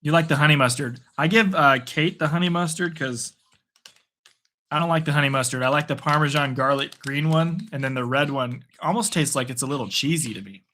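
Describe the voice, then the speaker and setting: A man hosting live play-by-play and reaction, chatty and casual between quick bursts of calling the action. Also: fairly high pitch, bright, forceful tone, slight background noise. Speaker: host.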